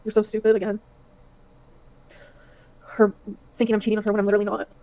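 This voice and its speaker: A woman streamer talks very fast in a mellow, darker voice. She reads messages aloud in casual livestream talk, and her voice is played from a livestream clip. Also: mid-range voice, completely flat delivery, no echo. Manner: rapid, reading messages aloud.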